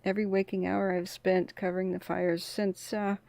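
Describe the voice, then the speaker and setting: A woman's voice: medium pitch, flat delivery, moderate pace, creaky, a little mellow, no echo. A tired woman hosting a casual live wildfire stream, chatting over scanner radio. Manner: chatty, talks through radio traffic. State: tired from little sleep. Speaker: wildfire livestream host.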